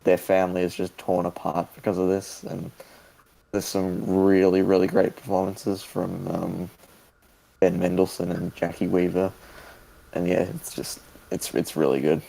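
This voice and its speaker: An Australian man co-hosting a casual film podcast, talking in a relaxed, halting way with pauses and fillers. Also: sits low, creaky, low-quality recording. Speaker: podcast co-host.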